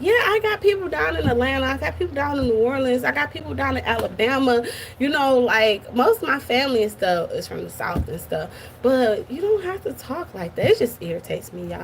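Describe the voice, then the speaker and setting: Woman, reaction host, chatty and opinionated, a bit high-pitched, light background hiss. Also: sing-song, brisk, gravelly. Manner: chatty, opinionated, addresses viewers as y'all. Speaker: commentary channel host. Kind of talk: casual reaction commentary.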